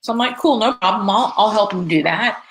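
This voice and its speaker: A woman from Florida chatting to camera, telling a personal story in a casual, animated way, with lots of fillers and restarts. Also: medium pitch, fairly quick, a little hiss or hum, poor audio. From Florida, USA. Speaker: vlogger.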